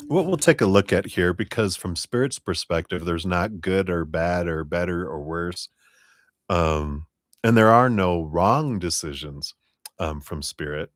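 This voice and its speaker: A man doing a live-streamed tarot reading, talking gently and unhurriedly as he offers spiritual guidance. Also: low voice, slow, long pauses, dry recording, clean studio sound. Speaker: tarot reader.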